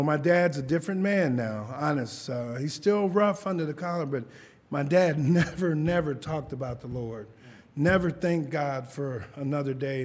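A middle-aged man preaching a sermon testimony in a church, telling family stories with frequent chuckles and calls for amen. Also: on the high side. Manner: lively storytelling, chuckles often, calls for amens.

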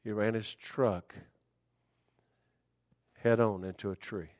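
A man preaching a sermon in folksy dialect, swinging between shouted warnings and hushed, quiet storytelling. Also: on the low side, fairly even intonation, takes it slowly, dry recording, clean studio sound.

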